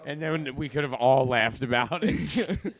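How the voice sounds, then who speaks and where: A man's voice: medium pitch, unhurried. A young man co-hosting a podcast in casual chat, blunt, profane and mock-dramatic, in a studio. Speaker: podcast co-host.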